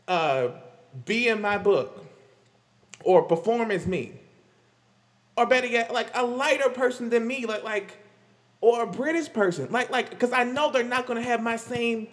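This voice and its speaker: A man's voice: high voice, big-room sound. A man giving rambling, casual pop-culture commentary as a vlogger, laughing often and stammering through restarts.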